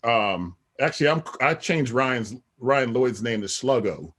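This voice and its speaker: A man's voice: mid-range voice, expressive, unhurried, fairly bright tone. A middle-aged man, a podcast guest, talking in a rambling casual way with many "you know what I mean" asides. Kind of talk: casual interview talk.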